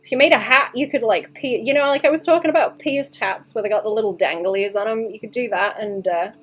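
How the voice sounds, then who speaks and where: A woman's voice: on the high side, fairly quick, husky. A young woman livestreaming her drawing session, chatting casually with viewers, muttering to herself as she works, laughing often and swearing freely. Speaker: artist streaming a drawing session.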